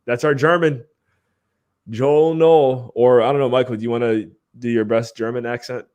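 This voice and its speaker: A man's voice: medium pitch, steady tone, normal speed, a little mellow, smooth. A man hosting a live podcast stream, chatting casually in an upbeat way and laughing often. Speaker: podcast host.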